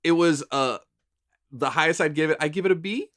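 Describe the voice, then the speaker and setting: Man, podcast co-host, excited rambling, casual chat. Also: fairly high pitch, fairly quick, dry recording, studio quality. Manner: excited, rambling fan talk with frequent restarts.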